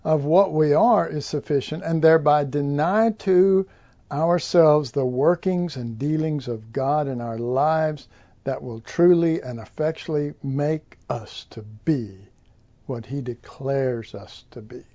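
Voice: medium pitch, slow, warm tone, dull audio. A preacher giving an informal Bible teaching, rambling with many fillers and restarts.

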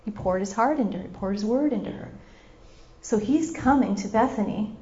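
A woman's voice: mid-range voice, brisk, a little mellow. A woman preacher giving an impassioned sermon, repeating her phrases and acting out scenes as she goes. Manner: impassioned, repetitive, acts out scenes. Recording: dull lo-fi recording.

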